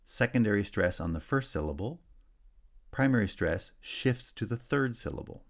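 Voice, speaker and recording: Deep gravelly male linguistics lecturer. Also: expressive. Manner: measured, explanatory, checks in with "right?". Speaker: linguistics instructor. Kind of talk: recorded lecture.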